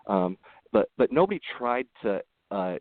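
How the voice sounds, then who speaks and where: Earnest low-voiced man on a tinny line. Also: moderate pace, no echo. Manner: earnest, animated storytelling with frequent restarts. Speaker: podcast guest. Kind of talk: casual interview conversation.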